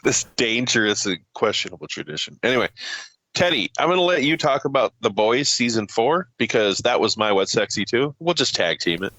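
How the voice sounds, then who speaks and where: A man's voice: mid-range voice, lively intonation, a little fast, pushed and bright, no room sound, rough recording. A man co-hosting a podcast in casual chat, teasing crudely and swearing often. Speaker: podcast co-host.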